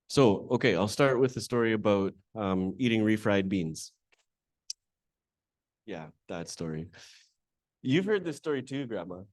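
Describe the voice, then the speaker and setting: In a conference hall, a man emcees the event, introducing a panel before sharing a candid, self-deprecating personal story with the live audience in a conversational way. His voice is lowish and a little mellow, recorded in studio quality with no echo.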